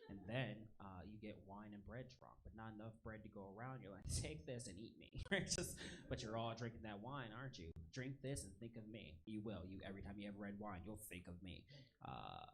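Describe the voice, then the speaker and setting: A man in his early thirties performing a stand-up set on a club stage, with punchy delivery, shouted punchlines and quick laughs at his own jokes. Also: on the low side. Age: 30s. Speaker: stand-up comedian. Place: comedy club stage with live audience laughter.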